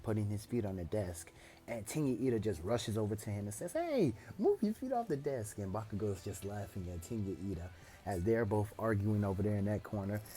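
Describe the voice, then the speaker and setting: A man's voice: lowish voice, warm tone. Rambling man telling an improvised fan story. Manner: rambling, self-correcting. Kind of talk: casual improvised story narration.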